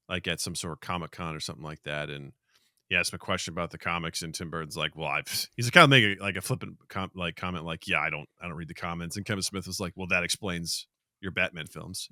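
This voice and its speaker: A man co-hosting a casual podcast. He tells stories in an animated way, swears freely, and acts out quotes in different voices. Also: deep voice, no room sound, studio quality. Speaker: podcast co-host. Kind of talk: casual chat.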